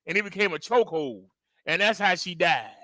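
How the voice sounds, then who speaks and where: Male host, animated storyteller, higher pitch, forceful tense tone, dry close sound. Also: fairly quick, no echo. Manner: animated, emphatic storytelling with acted-out outbursts; conversational, addresses viewers directly. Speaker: reaction video host. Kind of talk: casual commentary.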